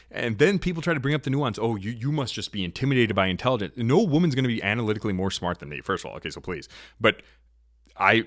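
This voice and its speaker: A man hosting a talk show, giving an opinionated monologue in an assertive, lecturing way that swings in pitch and loudness. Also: dry recording, studio quality. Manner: assertive, lecturing, shifts pitch and volume often. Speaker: podcast host.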